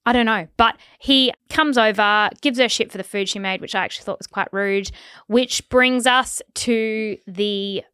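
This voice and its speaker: A woman's voice: medium pitch, moderate pace, pushed and bright, smooth, no room sound, clean studio sound. A woman co-hosting a podcast in casual chat, chatty and wry, often laughing. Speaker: podcast co-host.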